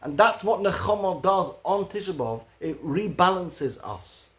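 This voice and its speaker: A man giving a recorded religious lecture, earnest and building to animated emphasis on key points. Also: high voice, measured pace. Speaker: Torah teacher.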